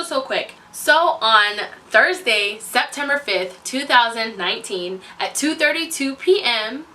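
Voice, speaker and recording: Animated young woman telling a story. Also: distant mic. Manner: animated, acts out quotes with big pitch swings, laughs often. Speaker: vlogger. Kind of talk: casual storytelling to camera.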